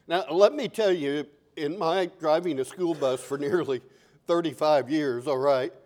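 A man's voice: on the high side, measured pace, darkish tone. An older man preaching a sermon as pastor, conversational and repeating key phrases.

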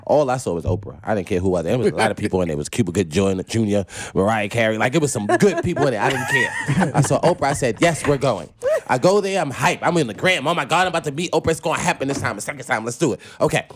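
Animated storytelling man, wide swings. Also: medium pitch, fast talker. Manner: lively, acts out voices in his stories; slangy, laughs as he talks. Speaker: podcast guest.

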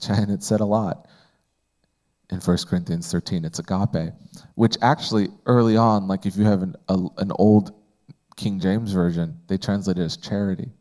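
A man's voice: on the low side, darkish tone. A man teaching a Bible study in a conversational way, asking the group questions and often using fillers.

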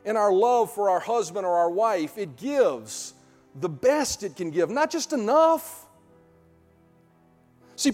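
A middle-aged male pastor preaching a sermon in a church sanctuary, emphatic, full of rhetorical questions, building to loud peaks. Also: extremely high pitch, in a large hall.

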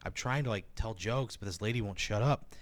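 A man's voice: fairly low pitch, a little fast. A man telling a rambling stand-up story in casual chat, full of fillers and swearing. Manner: animated, lots of fillers, swears. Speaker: stand-up comedian.

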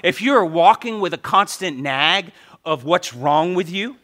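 A man preaching a sermon as pastor, animated and joking with the congregation. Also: sits high, a little slow.

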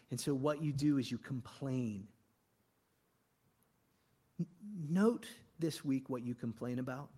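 A man, a pastor, preaching a conversational sermon full of rhetorical questions, swinging between loud and hushed. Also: mid-range voice, slow, pauses often, slightly rough.

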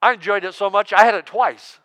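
A man in his sixties preaching a sermon as pastor, joking and emphatic, swinging between loud outbursts and hushed asides. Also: sits high, brisk, big-room sound. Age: 60s.

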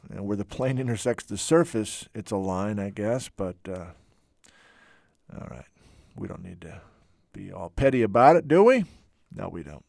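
A man teaching geology in a lively lecture, chatty and self-deprecating, with playful asides. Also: lowish voice, vocal fry, no echo, studio quality. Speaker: geology instructor. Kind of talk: enthusiastic lecture.

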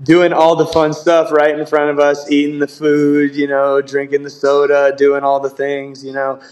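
A man's voice: on the high side, monotone, moderate pace, darkish tone, poor audio. A young man, a grappler guest on a podcast, who talks casually, laughs often and fills his speech with "like". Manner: easygoing, laughs often, says "like" a lot. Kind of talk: casual interview chat.

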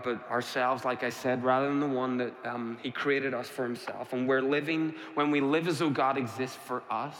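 A man's voice: medium pitch, a bit bright. Male pastor delivering an emphatic sermon with rhetorical questions, mid-range voice, recorded with long hall reverb.

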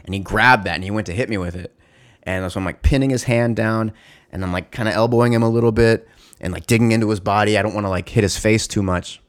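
A man with a fairly low voice tells a story in loose, casual talk. He is animated and profane, with lots of fillers and restarts. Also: fast. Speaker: former store security guard.

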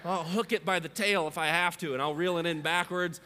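A man's voice: fairly high pitch, steady tone, a little fast, bright, forceful tone, clean tone, long reverb tail. A man in his thirties preaching a sermon as a pastor, conversational and story-driven, often asking his listeners questions.

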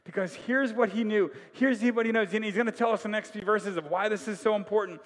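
A man's voice: sits high, fairly quick, in a large hall. A man preaching a sermon as pastor, in a casual, conversational way.

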